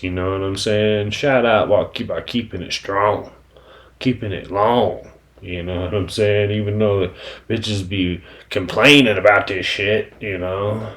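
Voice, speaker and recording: A man's voice: fairly low pitch, slight background noise. A man hosting a casual solo podcast, talking in a profane, rambling way with constant "you know what I'm saying" fillers. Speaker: podcast host.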